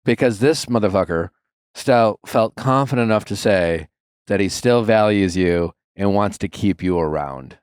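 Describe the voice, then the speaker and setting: A man's voice: fairly low pitch, normal speed, a little mellow, clear, resonant tone, dry recording, clean studio sound. A man hosting an advice podcast, blunt and probing as he challenges a caller. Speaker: podcast host giving advice. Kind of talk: casual advice talk.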